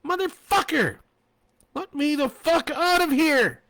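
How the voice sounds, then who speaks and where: A man voicing a terrified, trapped young woman who screams hoarsely for help. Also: very high-pitched, very slow, dry recording, studio quality, voice pushed up, exaggerated voice. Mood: desperate screaming. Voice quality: raspy, screaming.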